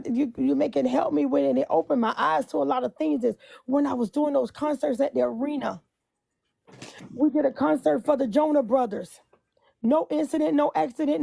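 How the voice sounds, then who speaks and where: A high-pitched woman with a deeply gravelly, fry-laden voice and a mellow, dark tone. She vents with passion into her phone, repeating herself and drifting into hummed hymn lines. The sound is dry and close. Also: no echo. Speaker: bus driver. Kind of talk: emotional venting on a live stream.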